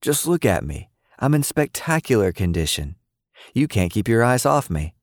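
A man's voice: lowish voice, big pitch swings, normal speed, no room sound, studio quality, pitched above the performer's own voice. A man voicing a playful, boastful elderly grandfather who teases with mock grandeur, in an audiobook-style story. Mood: joking.

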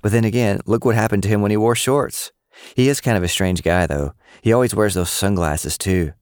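A man's voice: fairly low pitch, brisk, a little mellow, smooth, no echo, studio quality, close to an everyday voice. A man voicing a skeptical, matter-of-fact young schoolgirl in an audiobook. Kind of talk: audiobook character voice.

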